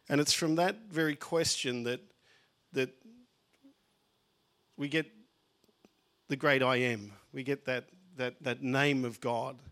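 Male preacher, mid-pitched, loose conversational sermon delivery, frequent restarts. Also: fairly bright tone. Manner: conversational preaching with many repeated words and fillers.

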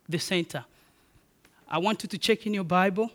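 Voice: medium pitch, normal speed, long pauses. A preacher giving a sermon, telling personal stories and repeating key phrases in emphatic, rising declarations. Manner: personal storytelling.

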